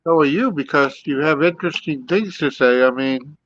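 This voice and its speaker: A man co-hosting a casual podcast, talking in a halting way with many fillers. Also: fairly high pitch, fairly bright tone, no echo, lo-fi sound. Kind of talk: casual chat.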